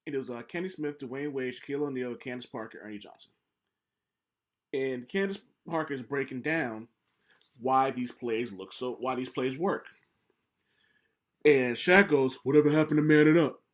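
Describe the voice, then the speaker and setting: A young man co-hosting a casual podcast, telling stories with lively acted-out quotes and frequent swearing. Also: medium pitch, measured pace, pauses often. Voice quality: profane, animated storyteller acting out quotes. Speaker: podcast co-host.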